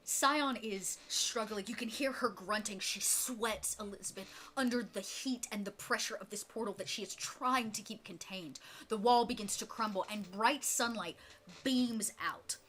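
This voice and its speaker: A woman narrating a tabletop role-playing game as game master, descriptive and quick to laugh. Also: medium pitch, a little hiss or hum. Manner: lively, descriptive, laughs often.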